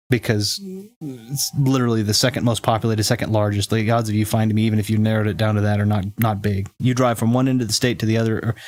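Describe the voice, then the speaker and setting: A man's voice: fairly low pitch, a little mellow. A man with a fairly neutral American accent, streaming a game and chatting casually with viewers in a rambling, self-correcting way. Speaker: let's play streamer. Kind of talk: casual chat with viewers while gaming.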